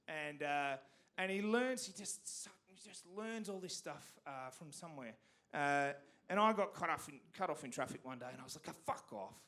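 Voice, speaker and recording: A man's voice: high voice, pushed and bright. A man with an Australian accent from Canberra doing a stand-up comedy set on a theatre stage, self-deprecating and stumbling over restarts.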